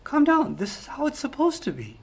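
A man putting on the voice of calm, condescending older men who brush off an upset youth in a soothing, dismissive tone. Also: extremely high pitch, brisk, creaky, voice pushed up, heavily acted. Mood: patronizing calm.

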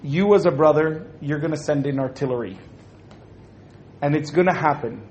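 Animated, joking man giving a religious talk. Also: fairly high pitch, moderate pace, slight background noise. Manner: joking, animated, acts out little scenes. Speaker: speaker at an Islamic talk. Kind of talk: humorous religious talk to an audience.

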